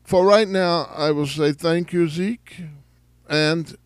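A man putting on a German accent as a pompous, formal caller who runs a leather shop, speaking slowly. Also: fairly high pitch, no room sound. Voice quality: gravelly, slow and formal. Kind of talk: comedic prank call monologue. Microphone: phone call.

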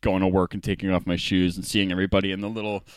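A man's voice: low voice, level tone, rapid-fire, clear, resonant tone, no room sound, clean studio sound. A man co-hosting a podcast, telling a story in a casual, profane way and laughing often. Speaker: podcast co-host. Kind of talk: casual chat.

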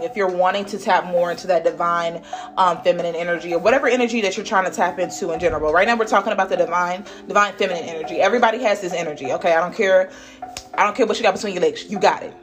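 A young adult woman giving a casual spiritual card reading, blunt and chatty, swearing and laughing often. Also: fairly low pitch. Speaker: tarot reader.

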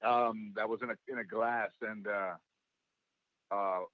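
A man being interviewed as a guest, with a worn, raspy voice, telling animated stories and acting out what people said. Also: on the low side, unhurried, dry recording. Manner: animated storyteller who acts out quotes. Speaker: guest, actor and comedian. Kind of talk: casual interview chat. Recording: dull lo-fi dry sound.

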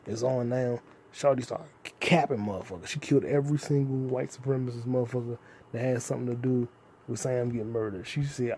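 A young man talking alone into his podcast mic, loose and rambling and full of swearing. His voice is mellow and dark, with a little faint noise underneath. Now and then he breaks into sudden loud, animated outbursts. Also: medium pitch, fairly quick. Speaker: podcast host. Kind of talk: solo casual podcast rant.

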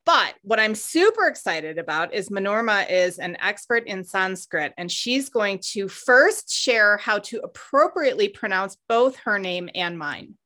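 A woman's voice: medium pitch, lively intonation, measured pace, few pauses, bright, forceful tone. A woman hosting a podcast, interviewing her guest in an upbeat, enthusiastic way. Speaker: podcast host.

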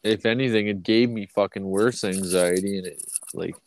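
A man's voice: fairly low pitch, steady tone, normal speed. A man hosting a casual podcast, stoned and yawning, rambling with heavy swearing and frequent laughs. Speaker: podcast host. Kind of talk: casual profane chat.

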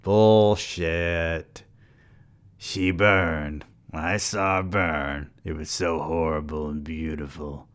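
A man's voice: rumbling low, steady tone, slow. A man voicing a brash, boastful older woman at a bar who talks bluntly and crudely, reading a story aloud.

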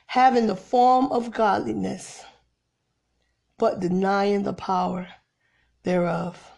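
Woman preacher, slightly high voice, informal impassioned sermon, soft near-whispered asides. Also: a little slow. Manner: preachy, rising to exasperated emphasis, drops to soft near-whispers.

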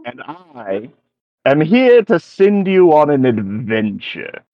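A man voicing an ancient, grandiose male wizard in rainbow robes, speaking in a booming, theatrical way. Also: very animated, slow pace, no room sound, muffled recording.

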